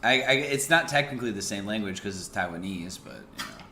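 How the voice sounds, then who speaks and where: A man's voice: on the low side, lively intonation, fairly quick, creaky, bright, forceful tone. A man co-hosting a podcast, chatting casually and explaining points with a teasing tone. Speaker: podcast host. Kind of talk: casual chat. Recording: roomy echo, faint noise.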